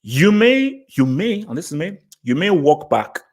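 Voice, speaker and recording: A man hosting a casual livestream, chatting in an animated, rambling way, often repeating words and jumping up high in pitch to stress a point. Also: a little slow. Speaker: livestream host.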